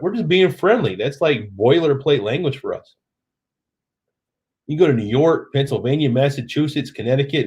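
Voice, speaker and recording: Speaking in a mid-range, slightly mellow voice, this middle-aged man from Oklahoma reads viewers' comments aloud during a casual late-night stream at home. He has a Southern accent and is a little tipsy after some drinks.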